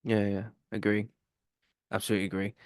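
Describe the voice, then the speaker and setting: A man's voice: fairly low pitch, completely flat delivery, brisk, clear, resonant tone, no echo, studio quality. A male podcast host, telling a rambling story in a casual chat, full of fillers.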